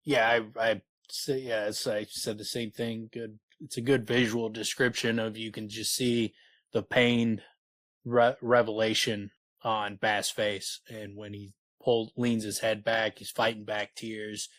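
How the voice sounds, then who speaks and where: Low-voiced man chatting about a book. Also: level tone, unhurried, a bit bright, no echo. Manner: reads passages aloud, chatty with many fillers. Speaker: podcast co-host. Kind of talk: casual book discussion.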